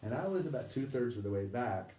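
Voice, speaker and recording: A man's voice: medium pitch, expressive, mellow. Man telling stories, distant and roomy. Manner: halting, restarts, acts out quoted voices, drops to near whisper. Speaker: storyteller recounting memories. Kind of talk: conversational anecdote telling. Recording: distant roomy recording with faint ambience.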